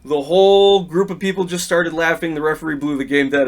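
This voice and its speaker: A middle-aged man hosting a podcast, slightly hoarse, telling stories casually and acting out what people said before recapping a match. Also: on the high side, brisk. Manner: lively storyteller who acts out the quotes. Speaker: podcast host.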